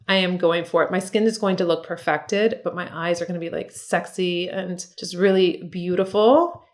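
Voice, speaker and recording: A middle-aged woman walks through her makeup routine in a loose, chatty way. She is a makeup artist who keeps encouraging her viewers, addressing them as ladies. Her voice sits close to the camera mic. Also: mid-range voice. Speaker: makeup artist and beauty vlogger. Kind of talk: casual makeup tutorial talk.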